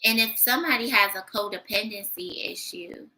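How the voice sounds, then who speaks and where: A woman giving a casual tarot reading, blunt and sassy, talking her thoughts out loud. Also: medium pitch, moderate pace, poor audio. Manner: blunt, sassy, thinking aloud. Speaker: tarot reader.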